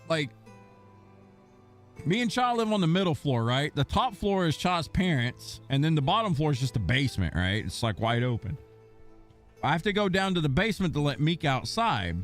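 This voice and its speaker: A man streaming a game, chatting casually and telling a long story in a rambling way, swearing now and then. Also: fairly high pitch. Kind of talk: casual chat while gaming.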